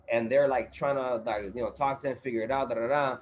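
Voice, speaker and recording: A man's voice: mid-range voice, steady tone, fast, hardly any pauses. A man guest on a podcast, telling a story in casual chat, full of profanity, street slang and fillers.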